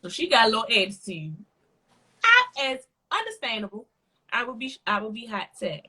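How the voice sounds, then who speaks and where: A woman on a casual podcast tells a story with lively, profane energy. Her voice is forceful and bright, with a husky edge, and sits a little high. She plays up the story as she goes. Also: normal speed. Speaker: podcast co-host.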